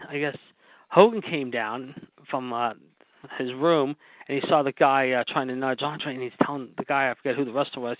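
A podcast host tells wrestling stories in a casual, rambling way, full of fillers and repeated asides, as he talks about wrestling history. His voice is mid-range, and the recording is dry and phone-like, narrow with no room sound.

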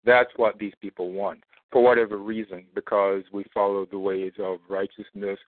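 A man's voice: on the low side, level tone, normal speed, no room sound. A man calling in to a talk line, worked up and rambling, repeating himself as he talks. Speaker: caller. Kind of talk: emotional call-in monologue. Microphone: phone. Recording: tinny phone line.

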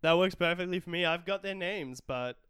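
Man, podcast co-host, wry film review, high pitch. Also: brisk, a bit bright, clean tone. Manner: dry, wry commentary. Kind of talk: casual film review banter.

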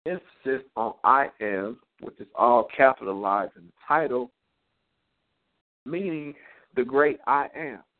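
A man's voice: medium pitch, a little slow. A man hosting a live Bible study, teaching in a preacherly way and punctuating his points with "amen.". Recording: tinny phone-line audio.

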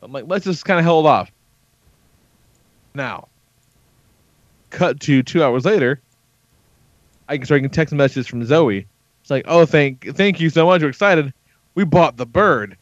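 Profane, animated man telling a story. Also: on the high side, unhurried, long pauses, no room sound. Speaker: podcast host. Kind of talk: casual chat, storytelling. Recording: dull lo-fi podcast audio.

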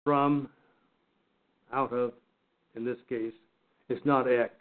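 A man with a mid-range voice and a steady tone teaches a Bible study lesson at a slow pace. His delivery is earnest and emphatic, with frequent repeated and restarted words, and the recording has a narrow, phone-like sound.

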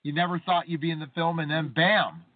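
A man's voice: on the high side, brisk, dry recording. Upbeat male host on a phone line. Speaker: radio show host. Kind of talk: casual phone interview. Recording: tinny phone line, dry.

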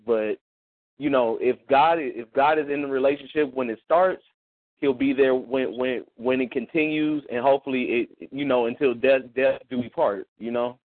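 A man calls in to a radio talk show and speaks haltingly, repeating words as he works through his point. His voice has a middling pitch. It is heard over a tinny phone line. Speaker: caller. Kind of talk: call-in comments.

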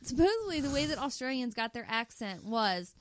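A woman's voice: fairly high pitch, very animated, fairly quick, a loud crowd. A woman co-hosting a podcast, telling meandering stories in casual chat, hedging as she goes. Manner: chatty, meandering, hedging storyteller. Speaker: podcast co-host.

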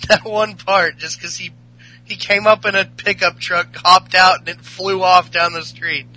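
A man's voice: sits high, little pitch movement, unhurried, pushed and bright, poor audio. A man co-hosting a podcast in casual chat, rambling and laughing with crude humor. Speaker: podcast co-host.

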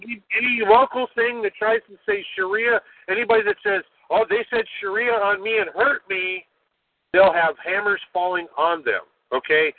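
An older American man, a guest on a call-in talk show, ranting forcefully and ending points with "okay?". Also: extremely high pitch, no echo. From United States. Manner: forceful, preachy, keeps adding "okay?". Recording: tinny phone line.

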